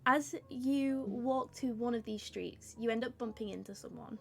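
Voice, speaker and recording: A woman running a tabletop game as game master, narrating scenes in a relaxed, casual way. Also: a little high, normal speed, vocal fry.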